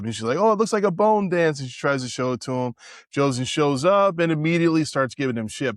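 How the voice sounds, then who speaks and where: A male podcast co-host walking through film scenes in an easygoing, detailed way. His voice is medium-pitched and heard up close. The sound is dry and direct, with no echo. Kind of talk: casual movie discussion.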